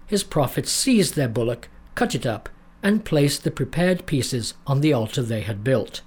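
A man reading a storybook aloud in a measured, dramatic narrating style. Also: medium pitch, a little mellow.

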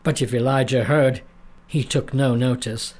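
A man reading a storybook aloud in a measured, dramatic narrating style. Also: medium pitch, fairly even intonation, darkish tone.

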